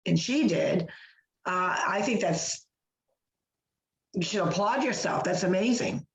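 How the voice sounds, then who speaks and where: A woman co-hosting a podcast, telling a long personal story in a chatty, animated way with lots of fillers and restarts. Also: mid-range voice, unhurried. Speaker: podcast co-host. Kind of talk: casual podcast chat. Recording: roomy echo.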